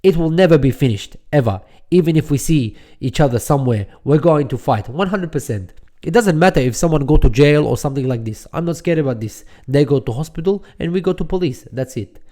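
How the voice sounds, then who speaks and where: A man's voice: fairly high pitch, animated, brisk, mellow, lightly acted. A man doing a menacing fighter, mock Dagestani accent. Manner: broken English, blunt threats. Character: impression of a menacing male fighter. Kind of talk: podcast impression.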